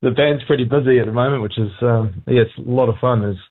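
A man's voice: mid-range voice, fast talker. A man with a New Zealand accent, a band frontman chatting casually and laughing easily as a phone guest. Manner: laid-back, laughs easily. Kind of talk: casual interview chat. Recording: tinny phone line.

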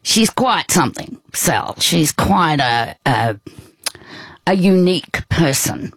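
A woman's voice: sits low, expressive, slow, no echo. A woman in conversation, telling a personal story in a rambling, hesitant way with many restarts. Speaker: guest.

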